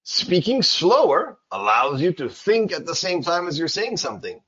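Man, teacher giving a seminar, expressive husky voice, emphatic check-ins, dull lo-fi sound. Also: fairly high pitch, moderate pace. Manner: animated, emphatic, frequent checks like okay and right. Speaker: English teacher. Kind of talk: seminar talk. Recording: dull lo-fi recording.

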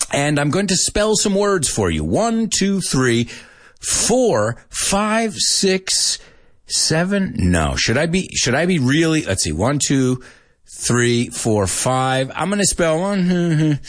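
A man hosting a radio show for English learners, reading listener comments in a lively, casual way and slipping into Spanish asides. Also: mid-range voice, breathy edge. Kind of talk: casual radio lesson chat.

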